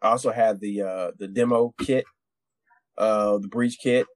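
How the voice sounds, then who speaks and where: Profane rambling veteran storyteller. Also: male voice, fairly low pitch, fairly even intonation, unhurried, no room sound. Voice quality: rambling, profane, many restarts. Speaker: podcast co-host, military veteran. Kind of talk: casual storytelling.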